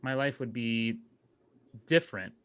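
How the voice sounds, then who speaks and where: A man's voice: mid-range voice, measured pace, a bit bright, clear, resonant tone. A man co-hosting a podcast in casual chat, joking and rambling, often stopping to correct himself. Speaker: podcast co-host.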